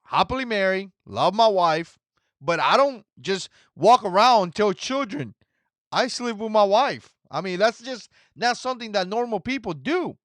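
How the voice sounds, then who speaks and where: A man in his forties hosts a reaction video with an indignant, repetitive manner. His pitch swings up and down a lot as he talks. The voice sounds dry and close, with almost no room sound. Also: animated, moderate pace, a bit bright, no echo. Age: 40s. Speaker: commentary channel host. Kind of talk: reaction commentary.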